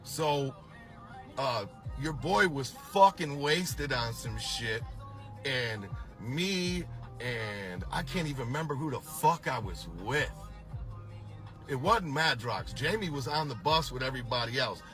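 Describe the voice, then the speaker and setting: Bright-voiced man telling a profane story. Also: mid-range voice, slow pace, faint music behind. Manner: animated, swears constantly, challenges doubters. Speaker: storyteller recounting a past tour.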